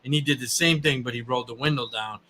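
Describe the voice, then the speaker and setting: A man telling a funny story excitedly, laughing and acting out what people said. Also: mid-range voice, fast talker. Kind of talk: casual storytelling.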